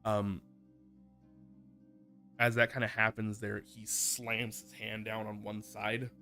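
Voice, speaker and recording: Low-voiced man narrating as game master. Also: flat delivery, slow, sharp tone, soft background music.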